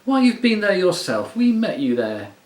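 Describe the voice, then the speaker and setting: A man's voice: mid-range voice, very animated, normal speed, reverberant, close to an everyday voice. A man reading an audiobook, voicing an impatient, scornful schoolboy.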